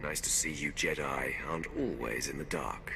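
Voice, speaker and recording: A menacing Sith warrior from a video game who talks down to everyone. His voice sits extremely low, gravelly and bright-edged. The delivery swings with scorn. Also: moderate pace, slight background noise, heavily acted. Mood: scornful. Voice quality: gravelly, contemptuous. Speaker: player character in a video game.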